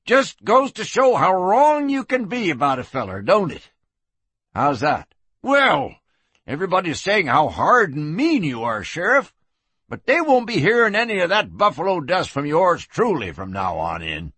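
A man voicing a hoarse town drunk in a western audiobook, jittery and wheedling. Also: high-pitched, huge pitch swings, normal speed, fairly bright tone, no echo, pitched above the performer's own voice, full character voice. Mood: chatty.

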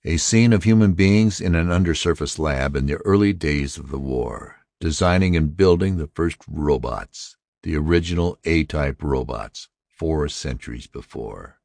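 A man reading a story aloud as narrator, measured and steady. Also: rumbling low, gravelly, no echo, studio quality. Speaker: audiobook narrator. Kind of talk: scripted narration.

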